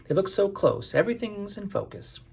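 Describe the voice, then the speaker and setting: Haughty elegant lady, man doing the voice, affected, raised pitch, gravelly edge. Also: sing-song, brisk, darkish tone, full character voice. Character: haughty elegant woman at a booth.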